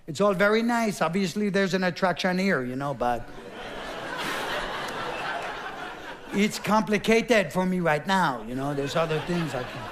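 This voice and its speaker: A man's voice: high-pitched, lively intonation, normal speed, noisy background. A man voicing an aloof, teasing French woman in a stand-up bit, languid and dismissive. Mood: coy.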